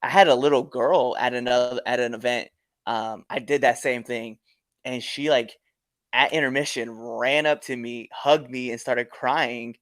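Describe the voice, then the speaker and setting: A man speaks as a podcast guest, mid-pitched and easygoing, laughing as he tells his stories. His voice is dry and close, with little room sound around it. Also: moderate pace, dry recording. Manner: lively, laughs often while telling stories. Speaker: guest wrestler. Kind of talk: casual conversation.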